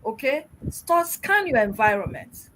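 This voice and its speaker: A middle-aged woman from Nigeria speaks as a guest in an interview. Her voice sits a little high, and she talks in an emphatic, exhorting way, often turning to rhetorical questions. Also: big pitch swings, measured pace, background noise. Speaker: guest, public relations expert. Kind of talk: interview answers, motivational.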